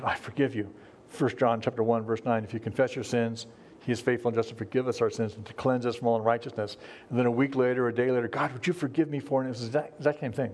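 A man's voice: mid-range voice, a little mellow. A middle-aged man preaching a sermon to his congregation in an earnest, conversational way, often restarting his sentences. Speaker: pastor.

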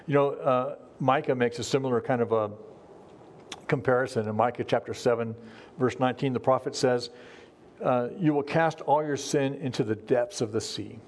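A middle-aged pastor preaches to his congregation earnestly and conversationally, often restarting his sentences. His mid-range voice keeps fairly even intonation at a normal speed.

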